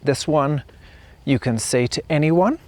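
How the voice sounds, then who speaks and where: A man teaching English outdoors while on a walk, speaking in an unhurried way and repeating example phrases to show how they sound. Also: fairly high pitch, darkish tone. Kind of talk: casual spoken lesson.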